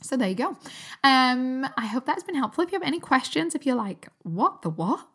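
Woman, thirties, podcast host, casual and upbeat, laughs a lot, slightly high voice. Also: expressive, fairly quick, fairly bright tone, husky. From Newcastle, England. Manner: chatty and upbeat, laughs often. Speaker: podcast host and health coach. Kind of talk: casual solo podcast chat.

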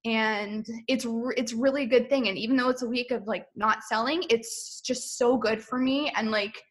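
Bright-voiced chatty woman guest. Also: fairly high pitch, steady tone, normal speed. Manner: chatty, self-deprecating, laughs often, many fillers. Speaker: podcast guest, boutique owner. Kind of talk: casual interview chat.

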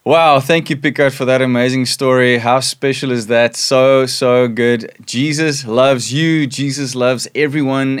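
A man's voice: mid-range voice, smooth. Upbeat South African man hosting. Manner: upbeat, friendly. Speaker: host of an online church broadcast. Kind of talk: livestream hosting.

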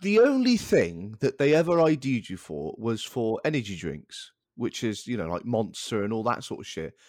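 A man sounding off in an exasperated rant, his pitch swinging widely as he gets worked up. He swears casually, and his voice sits dry and close to the mic, with no room around it. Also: very animated, moderate pace, a little mellow, no room sound. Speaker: podcast co-host. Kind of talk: casual chat.

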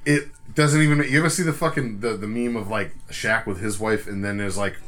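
A man's voice: lowish voice, fairly quick. A man co-hosting a podcast, telling a rambling story full of swearing and acting out the voices of the people in it. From Providence area, US. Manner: profane, animated storyteller acting out quotes. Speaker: podcast co-host. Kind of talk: casual storytelling chat.

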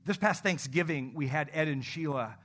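Candid, self-deprecating male pastor. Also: fairly high pitch. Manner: acts out phone calls in animated voices; softens to a hushed, slow tone in prayer. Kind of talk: conversational sermon.

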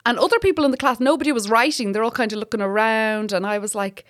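A woman in her thirties with an Irish accent, a stand-up comic chatting as a guest, telling lively stories with frequent laughs and swearing. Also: fairly high pitch, fast, no echo, studio quality. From Ireland. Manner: lively storyteller, laughs often, swears freely. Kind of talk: casual chat.

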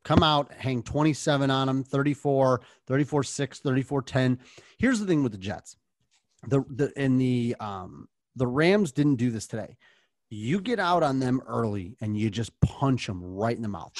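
A man's voice: medium pitch, lively intonation, normal speed, no room sound, studio quality. An American man co-hosting a sports podcast, chatting in a breezy, joking way. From United States. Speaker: podcast co-host. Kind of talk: casual sports podcast chat.

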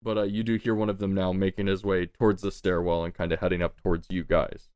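A man running a tabletop game, his voice low and resonant. He narrates loosely and casually, full of "like" and "uh." He is recorded close and dry on a podcast mic. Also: level tone, fast talker, a little mellow, clear, resonant tone, no room sound. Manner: casual, rambling, many fillers. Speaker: game master.

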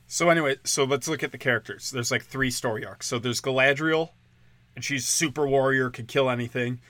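A man's voice: medium pitch, brisk, bright, forceful tone, dry recording. A man ranting on a podcast in a crude, sardonic, profane way, mocking as he goes. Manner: mocking, slips into sarcastic quoted voices. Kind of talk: casual podcast rant.

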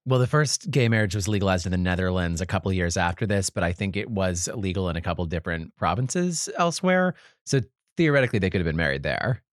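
A player in a tabletop game, chiming in quickly with explanations. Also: deep voice, lively intonation, no room sound, studio quality. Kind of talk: casual tabletop play.

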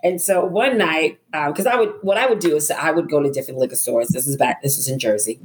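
A middle-aged woman with a notably low voice speaks as a podcast guest. She tells her story in an animated way, voicing her own past thoughts and breaking into laughter often. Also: quick pace. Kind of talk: personal story in a podcast interview.

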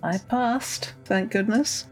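A woman's voice: mid-range voice, slow pace, faint music behind. A woman playing a tabletop game, chatting casually with sympathetic exclamations. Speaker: player.

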